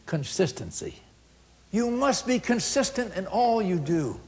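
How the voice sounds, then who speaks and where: A middle-aged man giving a storytelling talk on customer service, acting out dialogue and swinging from loud to hushed. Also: sits high. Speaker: motivational speaker on customer service.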